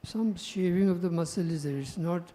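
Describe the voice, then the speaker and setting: Mellow-voiced male panel moderator. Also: high voice, moderate pace. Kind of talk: panel discussion.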